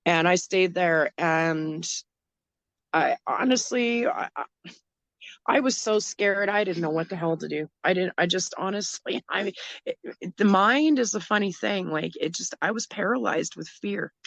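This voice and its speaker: On the low side and somewhat creaky yet a bit bright, a middle-aged woman's voice recounts a frightening event from her own life during an interview. She halts, gets emotional, and keeps restarting her sentences, and there's no room sound.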